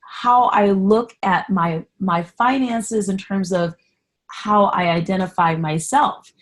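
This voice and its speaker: A woman's voice: medium pitch, slow pace. A woman hosting a solo podcast in a candid, chatty way, sarcastic about herself and passionately encouraging. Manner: animated, encouraging, gets passionate. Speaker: podcast host. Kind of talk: casual solo podcast talk.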